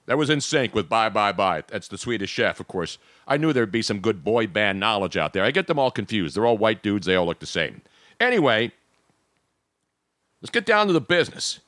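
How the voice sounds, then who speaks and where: A man's voice: fairly low pitch, very animated, brisk, fairly bright tone, dry recording, clean studio sound. A man hosting a casual sports talk show, joking and rambling between topics.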